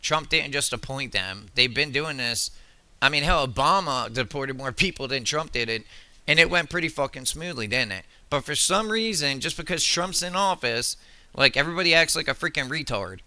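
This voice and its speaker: Angry ranting man, bright and dry. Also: mid-range voice, lively intonation, moderate pace, no echo. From United States. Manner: heated, swearing, stumbling restarts. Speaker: political commentary vlogger.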